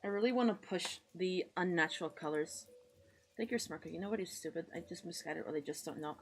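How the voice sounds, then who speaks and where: A woman's voice: on the low side, fairly quick, slightly rough. A woman from the United States streaming live, chatting casually while she draws, rambling and self-deprecating, muttering to herself and greeting her chat in a friendly way.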